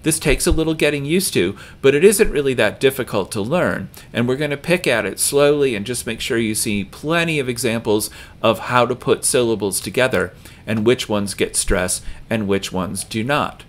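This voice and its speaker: A man teaching a recorded lesson, talking slowly and patiently and repeating each example word louder with strong stress. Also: mid-range voice, expressive. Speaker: language teacher.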